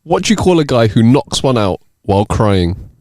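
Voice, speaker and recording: Male podcast co-host, wildly animated pitch, rambling joke delivery, dry close sound. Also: moderate pace, dry recording. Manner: very animated, rambling, laughs at own jokes. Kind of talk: casual joke-telling chat.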